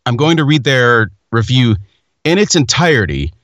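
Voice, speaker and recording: A man's voice: mid-range voice, sing-song, moderate pace, a bit bright, no echo. A man hosting a casual chat, telling rambling stories with self-mocking humor.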